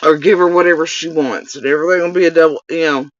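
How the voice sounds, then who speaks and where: A fast-talking man with a somewhat high voice and fairly even intonation hosts his own channel. In an angry direct-to-camera rant he curses and throws accusations and insults at one person, recorded in dull, dry lo-fi.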